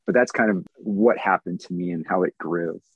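A man's voice: sits low, moderate pace, husky, no echo, muffled recording. A man in his thirties giving an earnest, candid personal testimony at a recovery meeting, answering questions with small self-deprecating laughs.

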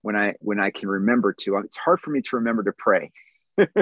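A man's voice: lowish voice, fairly quick, fairly bright tone, breathy edge, dry recording, muffled recording. A man in his thirties giving an earnest, candid personal testimony at a recovery meeting, answering questions with small self-deprecating laughs.

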